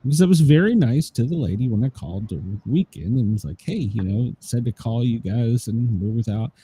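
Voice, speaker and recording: A man's voice: mid-range voice, expressive, a little fast, mellow, husky. A man hosting a casual talk show, ranting with profanity and laughing often. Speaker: host. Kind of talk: casual chat.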